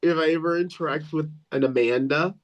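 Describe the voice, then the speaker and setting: A man's voice: on the high side, a little fast, rough recording. Rambling male ring announcer on a podcast. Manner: rambling, repeats himself, acts out quotes. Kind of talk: casual chat, storytelling.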